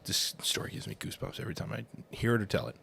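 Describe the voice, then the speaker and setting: A man co-hosting a casual podcast, telling a story in a relaxed, halting way. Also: on the low side, creaky, breathy edge. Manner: telling a story with fillers and restarts. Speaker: podcast co-host.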